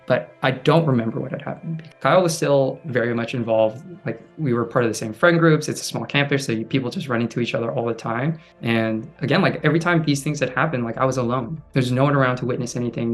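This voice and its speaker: Soft-spoken man telling a hard story. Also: mid-range voice. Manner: halting, soft-spoken, many fillers. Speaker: interview guest. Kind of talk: personal storytelling.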